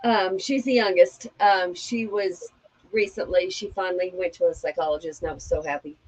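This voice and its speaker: A woman's voice: on the low side, steady tone, a little fast, darkish tone, poor audio. A woman co-hosting a chat show, telling a family story frankly and giving advice. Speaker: co-host. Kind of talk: candid personal chat.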